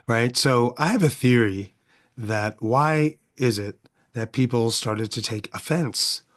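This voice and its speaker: A man's voice: mid-range voice, takes it slowly. A middle-aged man hosting his own podcast, talking through a casual monologue full of rhetorical questions and tags of "right?". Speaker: podcast host.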